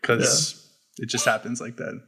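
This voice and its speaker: A man's voice: medium pitch, a little slow, vocal fry, bright, forceful tone, breathy edge. A young man co-hosting a podcast who steers the casual conversation with dry wisecracks. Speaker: podcast co-host steering topics. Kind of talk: casual chat among friends.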